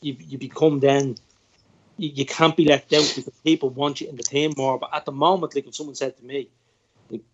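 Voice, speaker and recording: A man co-hosting a casual football podcast, talking in a halting way with many repeated words. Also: medium pitch, flat delivery, muffled recording. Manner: hesitant, repeats words, says "like" often. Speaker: podcast co-host.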